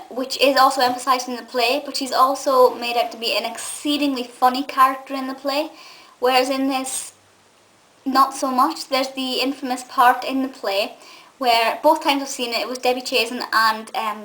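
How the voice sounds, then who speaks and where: A woman's voice: high-pitched, pushed and bright, poor audio. A young Scottish woman giving a gushing, chatty film review full of fillers and restarts. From Scotland. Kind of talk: casual film review monologue.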